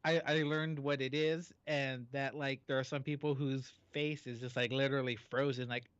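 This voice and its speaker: A man's voice: medium pitch, little pitch movement, moderate pace, a bit bright, smooth, no echo, dull audio. A man co-hosting a radio show, chatting casually and hesitantly, often trailing off with fillers. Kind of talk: casual chat.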